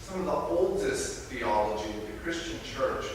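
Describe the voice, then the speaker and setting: A man's voice: mid-range voice, expressive, moderate pace, slight background noise. A man preaching a reflective talk, thoughtful and searching for words, recorded on a distant mic in a large church hall. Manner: thoughtful, with fillers and restarts. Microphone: distant room mic. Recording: echoey hall from far off.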